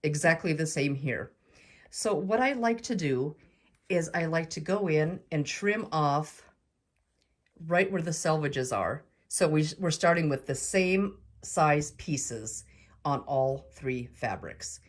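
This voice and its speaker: Middle-aged woman, sewing tutorial host, lowish voice, chatty, upbeat, walks through steps. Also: animated, slow pace. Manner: chatty, upbeat, explains step by step. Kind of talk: casual craft tutorial.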